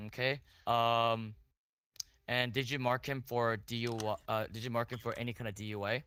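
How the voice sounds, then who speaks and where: A man playing a defense lawyer in a role-play court, cross-examining a witness in halting phrasing with many restarts and repeated questions. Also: mid-range voice, flat delivery, a bit bright, a little hiss or hum.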